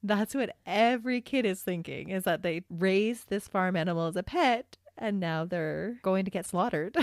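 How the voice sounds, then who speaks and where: A woman co-hosting a podcast, chatting casually and reacting with quick remarks and laughs. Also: medium pitch, dry recording, clean studio sound. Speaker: podcast co-host. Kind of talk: casual chat.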